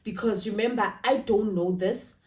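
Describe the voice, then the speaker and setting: A woman's voice: mid-range voice, normal speed, darkish tone. Emotional woman vlogging in a roomy space. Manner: emotional, confiding, checks in with "right?". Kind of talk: casual talk to camera. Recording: roomy, slightly distant.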